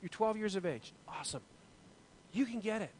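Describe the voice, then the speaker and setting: A man's voice: high-pitched, expressive, fairly quick, darkish tone, a little hiss or hum, low-quality recording. A man in his forties giving an informal Bible lesson, asking the class questions and often restarting his sentences. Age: 40s. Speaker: Bible teacher.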